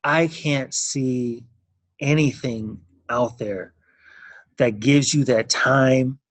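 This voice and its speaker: A man's voice: mid-range voice, extremely slow, no echo. A middle-aged man telling his story as an interview guest, earnest and heartfelt, often repeating his words. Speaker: interview guest, notary signing agent. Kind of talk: emotional personal testimony.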